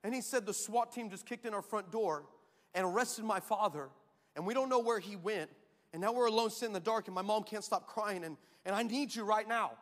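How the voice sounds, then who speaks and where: A man with a high, bright voice preaches a story-driven sermon. He acts out every quoted line and laughs often. His voice rings through a large hall with a long echo. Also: a little fast. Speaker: pastor. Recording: reverberant church hall.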